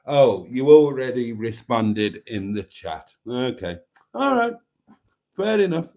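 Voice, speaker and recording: A man's voice: medium pitch, lively intonation, a little slow, dark tone. A man hosting a casual live stream, reading out viewer comments in a chatty, wry and self-mocking way.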